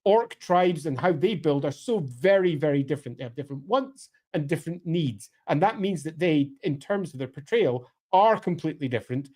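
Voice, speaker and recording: A man talking emphatically in a casual podcast discussion, his pitch swinging up and down as he makes his points. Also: expressive, a little fast, few pauses, a little mellow. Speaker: co-host of a lore podcast.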